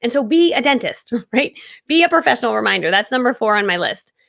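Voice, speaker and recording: A woman in her thirties hosting a live-stream coaching session, talking casually, loudly and energetically and laughing often. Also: on the high side, sing-song, fast talker, vocal fry.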